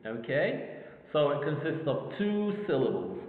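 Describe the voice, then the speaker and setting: A man's voice: a little high, animated, moderate pace. A man with an Egyptian accent giving a phonetics lecture, saying each word several times and checking in with the class. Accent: Egyptian English. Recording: tinny, echoey recording in a large hall.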